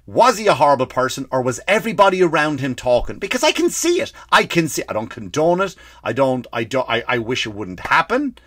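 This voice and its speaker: An Irish man hosting a comedy podcast, ranting and swearing freely, breaking into loud acted-out bursts. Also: medium pitch, sing-song, fairly quick, few pauses, no echo, studio quality. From Ireland. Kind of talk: comedic rant.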